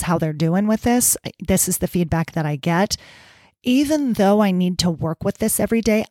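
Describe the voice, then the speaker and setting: Woman coach, low-ish voice, casual chatty delivery, dry booth sound. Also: a little mellow, no echo. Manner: chatty, playful, acts out inner voices. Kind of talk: casual podcast talk.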